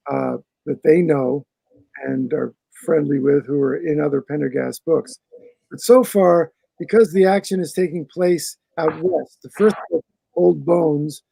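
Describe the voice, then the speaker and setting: Gravelly, husky-voiced male author. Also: a little high, dark tone, no room sound, low-quality recording. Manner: rambling, restarts phrases while thinking. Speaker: author guest. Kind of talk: casual conversational answers.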